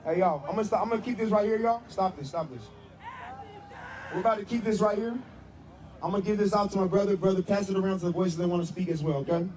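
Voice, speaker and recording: A man leads a street protest, shouting a rally speech and calling chants for the crowd to return, his repeated line being "am I right or am I right". His high voice is fast and sounds roomy and distant, buried in loud crowd noise.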